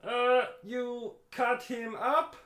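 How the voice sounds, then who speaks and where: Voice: medium pitch, little pitch movement, very slow, fairly bright tone. A performer voicing a meek, dim male manservant who talks in a hesitant, naive way. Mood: timid.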